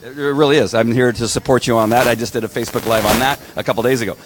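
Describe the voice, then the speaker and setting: A man's voice: medium pitch, fairly even intonation, fast. A man hosting a casual live stream from a restaurant bar, chatting with viewers and rambling as he reads their comments. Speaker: livestream host.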